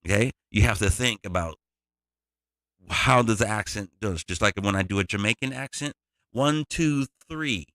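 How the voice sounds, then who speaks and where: A man's voice: on the low side, normal speed, fairly bright tone, no echo. A man, a music producer, giving a loose, digressive tutorial walkthrough.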